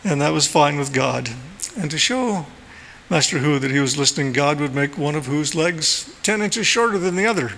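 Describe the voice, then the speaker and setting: A man giving a gentle, playful storytelling talk at a church service, recorded in the sanctuary. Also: a little high, expressive, moderate pace, creaky. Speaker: lay speaker. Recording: long hall reverb, faint room noise.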